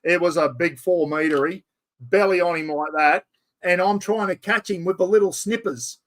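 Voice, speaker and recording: A middle-aged Australian man chatting casually as host, telling animated stories. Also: high-pitched, normal speed. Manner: yarn-spinning, animated storyteller. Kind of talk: casual chat.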